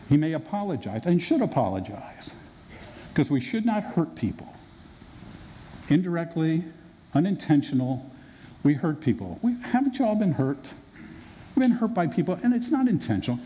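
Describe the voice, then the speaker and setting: A male pastor preaching a sermon in a conversational, animated way, acting out quotes, recorded in a reverberant hall. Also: fairly high pitch, moderate pace, pauses often. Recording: reverberant hall with faint noise.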